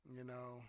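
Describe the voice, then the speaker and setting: A man hosting a relaxed livestream talk show who greets viewers and reads their comments, talking loosely with plenty of "you know" and "um". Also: mid-range voice, no echo. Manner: relaxed and conversational, with frequent "you know" and "um", trailing off quietly. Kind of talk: casual chat, reading and answering viewer comments.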